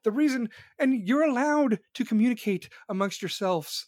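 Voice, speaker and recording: A man from the United States rants with heat and heavy profanity, lecturing his listeners and hammering the same points again and again. His voice sits high for a man. The recording is dry and close. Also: lively intonation, moderate pace, darkish tone, no echo. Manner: heated, profane, repetitive, lecturing. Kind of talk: profane political rant.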